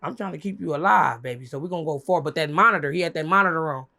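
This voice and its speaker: A young woman telling a story as an interview guest, animated and profane, acting out what others said in a high voice. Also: racing, vocal fry. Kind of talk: casual storytelling.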